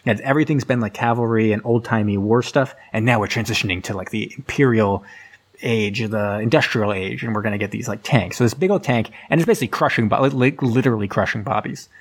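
A man's voice: lowish voice, fast. A man casually retelling a film's plot in a rambling, filler-heavy way, as a podcast host. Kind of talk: casual movie recap.

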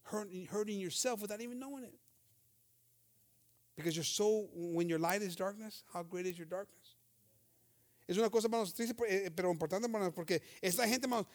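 Male preacher, high voice, fervent emphatic sermon with frequent amens.

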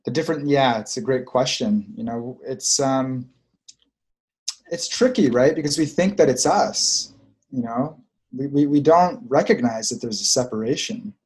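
Earnest male coach for a reflective spiritual talk, mid-pitched, working through his thoughts aloud. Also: a little slow, darkish tone. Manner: earnest, searching, repeats phrases.

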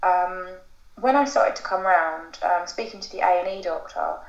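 As a guest on a podcast, a woman in her thirties tells a long personal story in a casual, chatty, rambling way, full of fillers and self-corrections. Her voice is lowish and her pace normal. The recording sounds roomy, dull and lo-fi.

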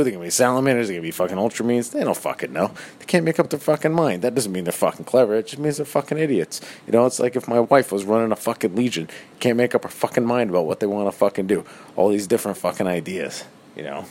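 A deep-voiced man with a New Jersey accent rants in an exasperated, swearing-heavy podcast monologue. A faint hiss of background noise sits under his voice. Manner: constant swearing, exasperated ranting. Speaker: podcast co-host. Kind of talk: profane comedic rant.

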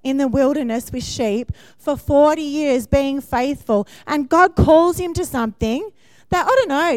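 A woman delivers a sermon in a fairly high, bright voice, chatty and personal, often checking in with a quick "yeah?". Her voice sounds close and dry, with no room echo. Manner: warm, conversational preaching with frequent "yeah?" check-ins and laughs. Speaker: preacher.

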